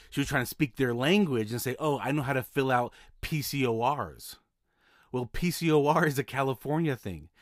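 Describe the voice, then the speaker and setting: Man, podcast host, casual advice talk, medium pitch, repeats words, dry recording. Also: dry recording. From Utah. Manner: repeats and restarts words often. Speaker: podcast host, mobile notary.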